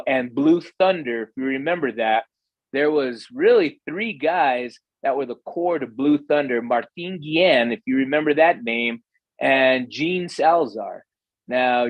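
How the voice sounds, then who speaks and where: A man's voice: mid-range voice, lively intonation, unhurried, no echo, highs cut off. Earnest man telling stories, dry close mic. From United States. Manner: earnest, reflective storytelling with fillers. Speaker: podcast guest, real estate investor. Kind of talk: storytelling in conversation.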